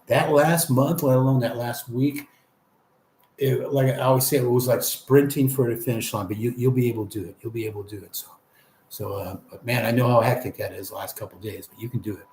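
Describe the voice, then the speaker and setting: A man's voice: mid-range voice, a little mellow, roomy sound. A man hosting a casual livestream, reading viewer comments aloud in a friendly, rambling way. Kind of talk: casual live chat.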